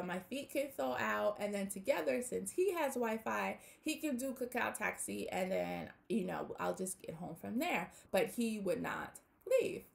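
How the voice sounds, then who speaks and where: A woman's voice: mid-range voice, creaky. A young woman telling a personal story in a casual storytime vlog, acting out the people she talked to. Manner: animated retelling, acts out both sides with quoted voices. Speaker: vlogger.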